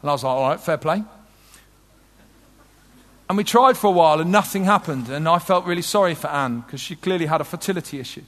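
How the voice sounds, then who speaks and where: A man preaching a sermon with passion, swinging from loud urgent peaks to soft low moments. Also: fairly quick, pauses often, big-room sound. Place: large tent.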